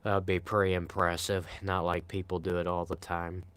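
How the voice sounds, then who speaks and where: On a live stream, a young Pennsylvania man with the local accent rambles casually, pokes fun at himself, and reads chat messages out loud. His deep voice is clean and slightly bright, with an even tone and moderate pace.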